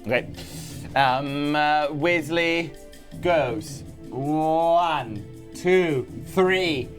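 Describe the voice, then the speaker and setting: A man's voice: a little high, drawn-out words, soft background music. A man narrating his character's turn as a player in a tabletop game, counting steps and hesitating. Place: studio.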